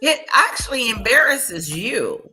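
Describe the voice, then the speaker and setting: A woman's voice: a little high, very animated, measured pace, pushed and bright, rough recording. A woman co-host chatting casually, agreeing and adding her own family experience. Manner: affirming, chiming in. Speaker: podcast co-host. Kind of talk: casual chat.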